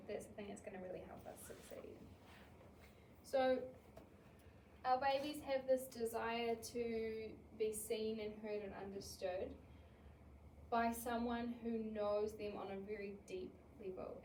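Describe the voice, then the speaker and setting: A New woman with a fairly high voice gives an animated childcare talk, acting out everyday scenes. She sounds set back from the mic in an echoey room. A faint hiss sits under her voice. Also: distant mic. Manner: animated, acts out scenarios in quoted voices. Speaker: early childhood educator.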